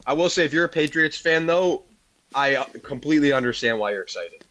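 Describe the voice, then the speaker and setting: A man co-hosting a sports betting podcast in relaxed conversation. He pads his opinions with "uh" and "you know". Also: fairly high pitch, fairly quick. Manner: filler-heavy, leans on "you know". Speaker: podcast co-host.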